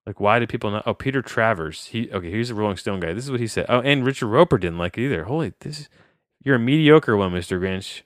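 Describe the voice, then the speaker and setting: A young man with a somewhat low voice talks through a movie review in loose, chatty fashion. He rambles and stops himself mid-sentence, then gets excited when something surprises him. The sound is dry and close, with no room around it. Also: quick pace, few pauses, dry recording. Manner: rambling, self-interrupting, easily excited. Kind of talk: casual film review chat.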